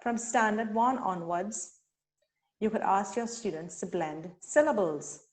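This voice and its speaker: A woman from Trinidad and Tobago presents a teacher-training webinar. Her pace is slow and measured, and she stretches each syllable when she models words. Her pitch sits in an ordinary middle range. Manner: slow, deliberate, sounds out syllables. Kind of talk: instructional webinar talk.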